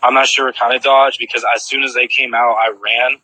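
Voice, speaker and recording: A man's voice: mid-range voice, level tone, fairly quick, sharp tone, no room sound, low-quality recording. A man casually retelling what he witnessed and answering viewers' questions, rambling with lots of "like" fillers and restarts.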